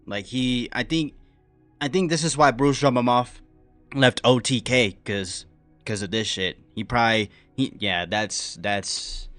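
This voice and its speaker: A man reacting to a stream in casual commentary, rambling with many fillers and slang, dropping quiet and then bursting out loud. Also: medium pitch, unhurried, dry recording, soft background music.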